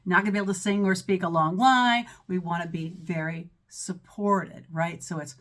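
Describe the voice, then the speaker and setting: A woman's voice: on the low side, moderate pace, fairly bright tone. A woman voice teacher with a mezzo-soprano voice talks students through breathing exercises. She is encouraging and checks in often with "right?" and "okay?". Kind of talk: instructional breathing lesson.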